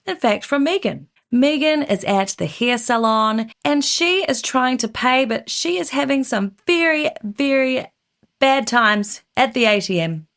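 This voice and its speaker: A woman co-hosting a podcast, telling a true-crime story in a casual, animated way and acting out the quotes. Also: fairly high pitch. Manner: animated, laughs often, acts out quoted voices.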